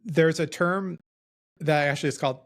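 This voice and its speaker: A man's voice: on the high side, normal speed, no room sound, studio quality. A man hosting a casual podcast conversation, reflective and self-deprecating, with many loose restarts. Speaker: podcast host.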